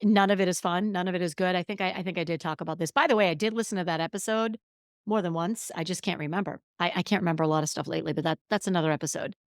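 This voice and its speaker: Middle-aged new lady podcasting solo, frank and emphatic, smooth clear voice, dry close sound. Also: lowish voice, fairly even intonation, rapid-fire, no echo. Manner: candid, emphatic, self-deprecating. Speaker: podcast host. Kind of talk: casual solo podcast monologue.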